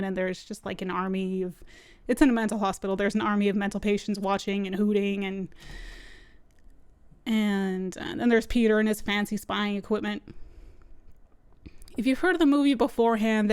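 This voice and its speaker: Woman film reviewer, chatty and loose, smooth clear voice, dry close sound. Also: medium pitch, a little mellow, dry recording. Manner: chatty, loose, with frequent "like" fillers. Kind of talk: casual spoken film review. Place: at home with her dog nearby.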